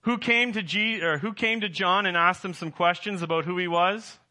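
A middle-aged man from the Southern United States delivers a sermon as pastor. His voice is very bright and a little high, and he keeps putting questions to the congregation. His delivery rises and falls with animation. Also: normal speed.

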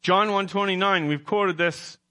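A man's voice: sits high, fairly even intonation, unhurried, bright, forceful tone. A man preaching a sermon as pastor, emphatic, quizzing his congregation and correcting himself as he goes.

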